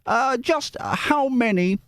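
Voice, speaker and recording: A man's voice: very high voice, animated, slow, a bit bright, smooth, dry recording, voice pushed up, heavily acted. A man reading out a male viewer's message in an overdone, sing-song mock Cockney voice. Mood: cheery.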